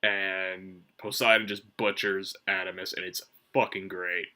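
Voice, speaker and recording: A man's voice: low-pitched, flat delivery, a little slow, pushed and bright. A man giving a casual, rambling review, swearing freely and filling gaps with "like" and "um". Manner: rambling, profane, many fillers and restarts. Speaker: manga reviewer. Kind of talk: casual solo review commentary.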